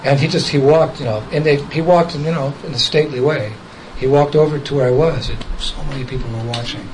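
A man's voice: medium pitch, quick pace, darkish tone, slight background noise, low-quality recording. Man chuckling through a story. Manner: chuckles often while telling, quotes others directly. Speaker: devotee recounting a memory. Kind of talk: casual storytelling talk.

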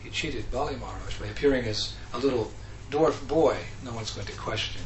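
Animated man telling devotional stories. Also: medium pitch, brisk, slight background noise. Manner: animated, acts out characters, laughs often. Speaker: speaker. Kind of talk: devotional storytelling talk. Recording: echoey room with faint ambience.

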